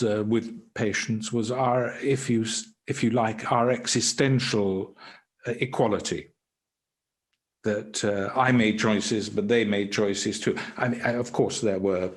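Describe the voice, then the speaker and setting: An older British man, a podcast guest, telling dry anecdotes in conversation, hesitant and full of restarts. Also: lowish voice. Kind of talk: casual conversation.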